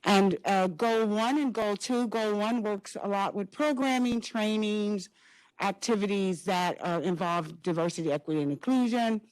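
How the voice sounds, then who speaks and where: A woman introduces herself and lays out her goals at a college town hall. She speaks in a clear, orderly, formal way. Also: medium pitch, normal speed. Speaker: diversity goals coordinator.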